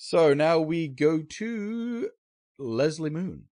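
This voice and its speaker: A man's voice: fairly high pitch, animated, extremely slow, darkish tone, no room sound, studio quality. A man narrating a tabletop game as game master, laughing often and restarting his sentences.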